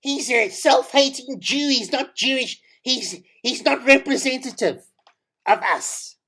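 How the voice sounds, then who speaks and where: Man playing an indignant listener, high protesting voice, husky. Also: measured pace, bright, forceful tone, heavily acted. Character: indignant male Jewish listener, offended.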